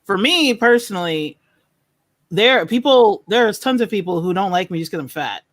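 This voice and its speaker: A woman's voice: medium pitch, animated, moderate pace, no room sound. A woman in a casual panel discussion, speaking frankly with hesitant starts and laughter.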